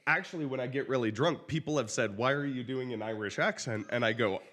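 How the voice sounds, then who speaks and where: A man's voice: mid-range voice, brisk, a bit bright, a little hiss or hum. A man in his thirties hosting a podcast, joking and teasing in casual banter. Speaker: podcast host. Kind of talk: casual chat.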